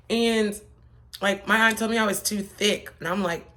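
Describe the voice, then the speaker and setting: A woman's voice: medium pitch, fairly even intonation, a little slow, fairly bright tone. A young woman from Pennsylvania vlogging in a chatty, rambling, slangy way that turns emotional. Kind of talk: casual chat. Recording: faint background noise.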